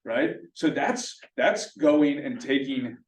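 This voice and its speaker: A man's voice: medium pitch, takes it slowly. Man coaching a meeting, roomy, distant. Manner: energetic, coaching, rhetorical questions. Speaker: team meeting presenter. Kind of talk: motivational team meeting talk. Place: meeting room.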